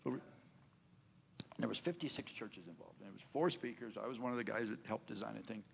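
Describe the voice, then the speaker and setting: A man's voice: fairly low pitch, fast talker, vocal fry, a little hiss or hum. An older man preaching a sermon, telling stories in a chatty way, laughing between lines and acting out the people he quotes. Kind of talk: sermon storytelling.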